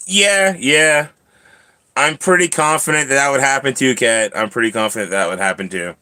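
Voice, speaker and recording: A man hosting a casual vlog, relaxed, laughing often and talking to his cats. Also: mid-range voice, moderate pace, smooth. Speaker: channel host.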